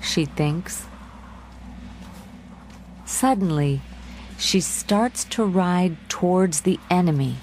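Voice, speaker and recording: A woman narrating a graded-reader story in a measured, clearly articulated way. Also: fairly low pitch, a little mellow, a little hiss or hum. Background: background music.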